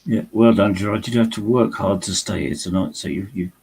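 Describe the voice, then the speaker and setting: Gravelly low-voiced man. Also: fairly quick, darkish tone. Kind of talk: casual stream banter.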